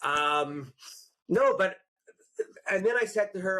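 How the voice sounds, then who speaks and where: A man hosting a podcast in casual chat, telling stories with lively acted-out quotes. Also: high-pitched, slow, long pauses. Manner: animated storyteller, acts out quotes. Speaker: podcast host.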